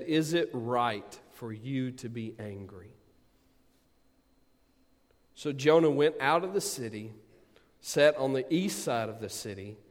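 A man preaching a sermon, swinging from booming emphasis to quiet asides. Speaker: pastor. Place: church sanctuary. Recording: long hall reverb.

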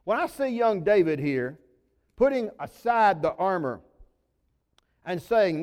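A male pastor, preaching a sermon as folksy storytelling that swings between loud emphasis and sudden low drops. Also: sing-song, unhurried. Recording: long reverb of a large hall.

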